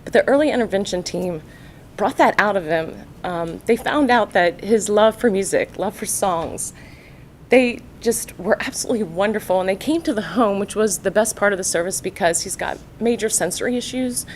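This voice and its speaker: A woman speaking as a parent at a county board meeting, nervous and halting, with many fillers. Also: medium pitch, a little hiss or hum. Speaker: parent giving testimony. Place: public meeting room.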